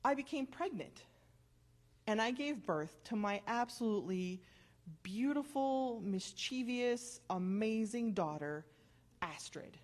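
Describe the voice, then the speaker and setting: Woman in her forties, church testimony, chatty storytelling, pitch leaping up and down. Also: animated, slow, darkish tone. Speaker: church member giving testimony. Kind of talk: personal testimony.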